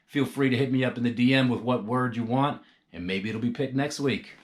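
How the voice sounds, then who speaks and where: A man teaching a casual rhyming tutorial, thinking aloud and slowly trying out rhymes. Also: medium pitch. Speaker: rhyme coach.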